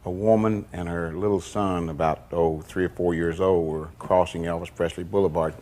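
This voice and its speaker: An older man telling stories in a documentary interview, folksy and unhurried, often slipping into quoted dialogue. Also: low voice, fairly even intonation, a little mellow. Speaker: interviewee recalling past events.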